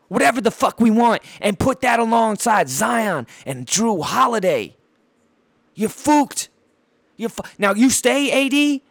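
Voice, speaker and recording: On a dry recording, a man with a high, slightly bright voice hosts a podcast. He's worked up about basketball, cursing nonstop, stumbling verbally, and moving around with a handheld mic as he rants.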